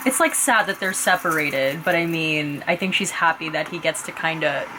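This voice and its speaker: A woman's voice: sits low, normal speed, music in the background. Chatty woman reacting to a show. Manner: chatty, emotional, filler-heavy. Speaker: reaction vlogger. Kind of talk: casual reaction commentary. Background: the show's audio playing.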